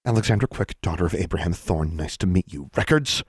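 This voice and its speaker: A man's voice: low-pitched, animated, a little fast, breathy edge, no echo, studio quality, heavily acted. A man voicing a brash, ruthless young witch who speaks curtly and sardonically. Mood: sardonic. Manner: curt, sardonic.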